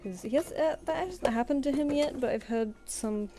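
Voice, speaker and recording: A woman's voice: sits high, normal speed, over music. A British woman chatting casually on a live stream at home, cooing at her cat and giving it commands between comments. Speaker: artist streamer. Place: home room.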